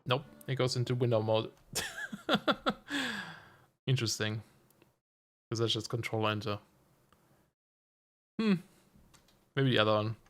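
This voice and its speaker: A man's voice: lowish voice, steady tone, moderate pace, long pauses. A man streaming a video game, giving casual commentary and thinking aloud with frequent chuckles. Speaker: let's play streamer.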